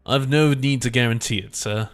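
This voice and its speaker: A man's voice: mid-range voice, moderate pace, faint music behind, close to an everyday voice. A man voicing a stoic elderly woman who represents factory workers, speaking plainly and steadily. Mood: steady.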